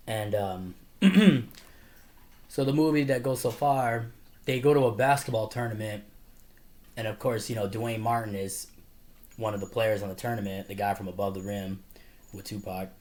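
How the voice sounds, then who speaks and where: A man's voice: lowish voice, normal speed, pauses often, darkish tone. A man casually talking through a favorite movie, rambling with lots of fillers and frequent laughter. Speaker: movie reviewer. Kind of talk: casual movie review monologue.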